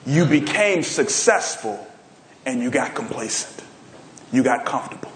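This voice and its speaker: A man's voice: medium pitch, animated, measured pace, roomy sound, a little hiss or hum, voice pushed down, close to an everyday voice. A man putting on an older boxing trainer who bluntly warns his fighter, in a keynote speech. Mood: warning.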